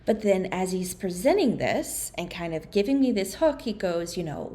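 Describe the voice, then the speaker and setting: A woman guest on a podcast interview giving a personal account in a halting, soft-spoken way, with frequent restarts and a slower pace at the hardest moments. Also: medium pitch, expressive.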